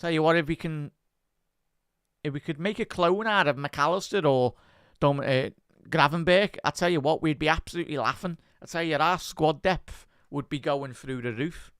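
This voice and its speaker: A man hosting a live football watch-along, giving chatty fan commentary, answering viewer chat and shouting out at big moments. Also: fairly high pitch, normal speed, smooth, dry recording, clean studio sound.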